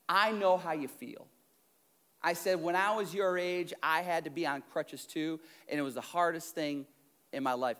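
A middle-aged male pastor telling a story in a sermon, conversational and animated, acting out what people said. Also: on the high side. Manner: animated, conversational, acts out quotes.

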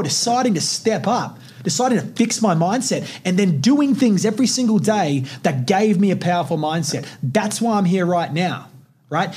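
A man's voice: sits high, a little mellow, breathy edge. A young man hosting a podcast, telling personal stories in a blunt, intense and heavily profane way. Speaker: podcast host. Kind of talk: casual podcast storytelling.

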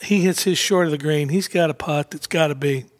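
A male guest telling a story in an animated, easygoing way, his voice sitting fairly high for a man. He acts out the quotes and laughs often, and the sound is close and dry with no room echo. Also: fairly quick. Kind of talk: casual storytelling interview.

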